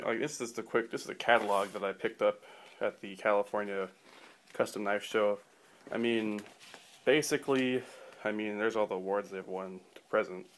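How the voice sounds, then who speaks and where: A man giving a casual knife review in a rambling way, full of fillers and restarts, with dry offhand humor. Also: fairly low pitch.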